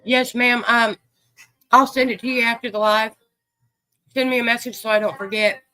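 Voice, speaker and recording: A man's voice: very high-pitched, little pitch movement, normal speed, pushed and bright, clear, resonant tone, dry recording, low-quality recording. A man hosting a livestream, chatting easily with viewers and greeting them by name. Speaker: livestream host. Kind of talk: casual chat with viewers.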